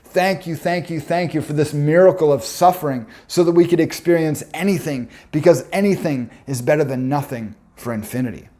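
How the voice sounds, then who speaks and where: A man's voice: a little high, fairly quick, few pauses, dark tone, pitched above the performer's own voice, close to an everyday voice. A man voicing a playful, motherly female plant spirit who speaks with solemn, preaching repetition. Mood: reverent.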